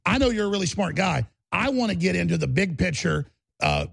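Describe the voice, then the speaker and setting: A man's voice: on the high side, very animated, fairly quick, gravelly, slightly rough. A man hosting a talk radio show, brash and sarcastic, often stammering and repeating words.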